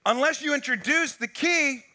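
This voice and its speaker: A man's voice: very high-pitched, moderate pace. A man preaching a sermon, telling a story with lots of acted-out dialogue, on a wireless mic. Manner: animated storytelling, acts out dialogue. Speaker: pastor.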